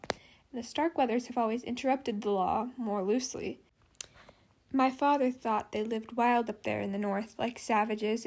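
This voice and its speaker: A woman's voice: fairly high pitch, vocal fry, a little mellow. A woman reading the part of a harried young woman in charge of an institute, speaking in an exasperated, worried way.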